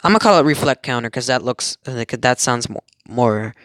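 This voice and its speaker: A young man recaps an anime storyline in a loose, excitable ramble, stopping often to correct himself. His voice is mid-pitched and recorded close and dry at home. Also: brisk, no echo. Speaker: fan storyteller. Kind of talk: casual retelling of an anime.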